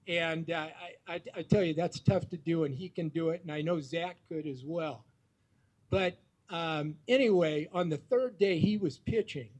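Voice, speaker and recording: A middle-aged man with a notably high voice tells a long, rambling story in a tribute speech. He stumbles through many fillers and restarts as he builds up his jokes. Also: moderate pace, a little mellow. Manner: rambling, full of fillers, jokey anecdotes. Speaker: teammate giving a tribute speech.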